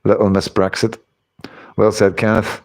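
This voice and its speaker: A man's voice: lowish voice, level tone, normal speed, darkish tone. A man, hosting a casual livestream, rambling and chatting as he reads out comments, often breaking into laughter. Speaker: livestream host reading chat.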